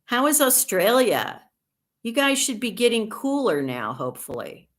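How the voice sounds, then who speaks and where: A woman's voice: fairly high pitch, very animated, normal speed. A woman in her sixties from the United States hosting a casual livestream, chatting in a rambling way with dry humor and answering viewer comments. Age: 60s. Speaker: livestream host.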